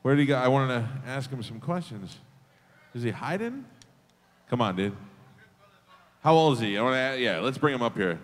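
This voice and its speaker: A man's voice: mid-range voice, lively intonation, normal speed, long pauses. A man hosting a live show on stage, doing casual, teasing crowd work. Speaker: show host and emcee. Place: theater stage. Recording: theater reverb with music behind.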